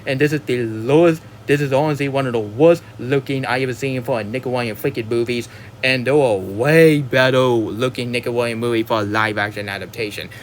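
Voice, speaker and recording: Male movie reviewer, mid-pitched, frustrated rambling rant with lots of stumbles, faint background noise. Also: fairly bright tone. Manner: exasperated, rambling, stumbles over words and apologizes. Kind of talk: ranting film review monologue.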